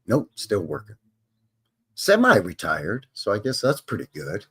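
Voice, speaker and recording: A husky-voiced man in his fifties chats on a live stream. He rambles and jokes, his pitch rising and falling in a lively way. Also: measured pace. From Canada. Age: 50s. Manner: joking, rambling, drops into silly voices. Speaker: host. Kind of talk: casual live-stream chat.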